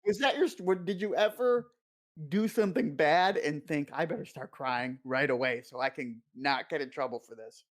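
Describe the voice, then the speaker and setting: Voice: medium pitch, normal speed. A co-host on a casual podcast with a mid-range voice. The speaker talks in a loose, rambling way and often breaks into laughter. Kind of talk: casual chat.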